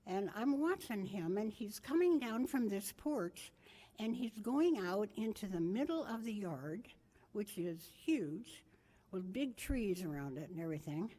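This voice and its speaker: A woman's voice: medium pitch, expressive, unhurried, warm tone. An older woman giving a memorial tribute, telling family stories in a rambling, anecdotal way and correcting herself as she goes. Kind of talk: memorial storytelling speech.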